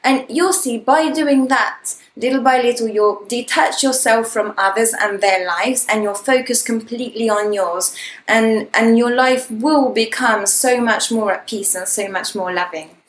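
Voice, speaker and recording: A woman's voice: fairly high pitch, unhurried. A woman co-hosting a self-help talk, earnest and encouraging, talking freely with small restarts. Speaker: podcast co-host. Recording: roomy echo.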